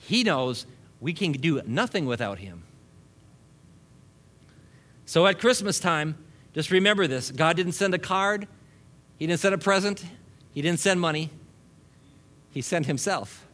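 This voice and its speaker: A man's voice: on the high side, animated, slow, pauses often, a bit bright. A male pastor preaching a sermon to a congregation, building long repeated lists and chuckling often between points.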